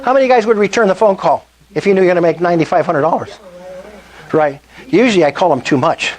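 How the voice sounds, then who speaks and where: An older man makes an enthusiastic sales presentation to a live group at a meetup, often asking the audience questions. His voice is high-pitched and animated, and he speaks fast.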